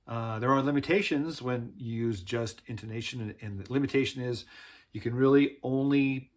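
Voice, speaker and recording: An instrument builder with a medium-pitched voice talks at a moderate pace, casually teaching how he lays out frets on homemade string instruments. He's laid-back and rambling, using slang like "man" and "dude".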